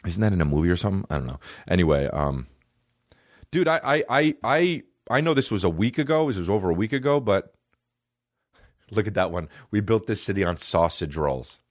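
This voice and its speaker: A man hosting a podcast, ranting in a profane, mocking, animated comic way into a close mic. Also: fairly low pitch, fairly quick, no room sound. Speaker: podcast host. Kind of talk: solo comedic rant.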